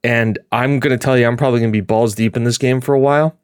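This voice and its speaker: A man hosting a podcast, chatting in a rambling, animated way and laughing often. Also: mid-range voice, fast talker, clear, resonant tone, dry recording. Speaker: podcast host. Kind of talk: casual chat.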